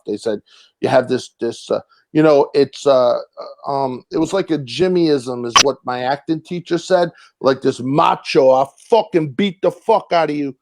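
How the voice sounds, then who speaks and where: A man's voice: medium pitch, no echo. A man guesting on an interview show, telling rambling stories with many fillers and restarts and acting out the voices of people he quotes. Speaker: actor and comedian guest. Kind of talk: casual interview storytelling.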